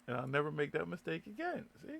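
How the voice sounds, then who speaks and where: A man's voice: fairly high pitch, sing-song, fast talker, vocal fry, a bit bright. A man hosting a live internet radio show, chatting loosely with lots of swearing, laughter and stumbling restarts. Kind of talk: casual live show banter.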